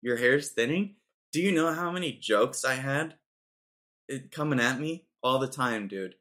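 A man's voice: medium pitch, expressive, unhurried, a bit bright. Young man, podcast host, casual chat, joking storyteller, says dude and bro.

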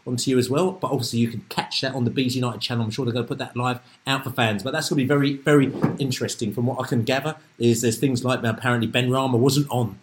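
A man hosting a casual football podcast over a remote call, excitable and rambling, often repeating himself. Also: medium pitch. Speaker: podcast host.

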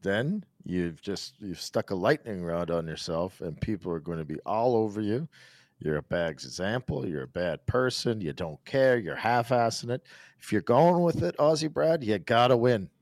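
A man's voice: on the low side, expressive, normal speed, a little mellow, no room sound, studio quality. A man co-hosting a sports podcast, making points emphatically with repeated phrases. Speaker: podcast co-host. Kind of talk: casual sports podcast chat.

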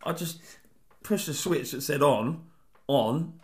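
A man's voice: on the high side, takes it slowly, darkish tone. A man co-hosting a podcast, teasing his co-host with crude banter. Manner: crude, teasing, swears freely. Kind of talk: casual banter. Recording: roomy echo.

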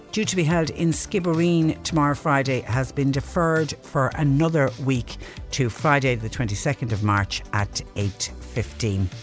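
A man with an Irish accent hosting a local radio phone-in, chatting through listener texts and reading community notices. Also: mid-range voice. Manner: conversational, reads texts and notices aloud. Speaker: radio host. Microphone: studio microphone.

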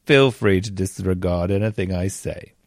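A man's voice: deep voice, normal speed. A man hosting a podcast, chatting in an earnest, casual way from home, with many fillers. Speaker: podcast host. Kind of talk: casual chat. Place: at home in bed.

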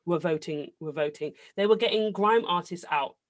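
A man's voice: high-pitched, moderate pace. A man co-hosting a podcast, debating politics in casual chat, cutting in and repeating words for emphasis. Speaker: podcast co-host.

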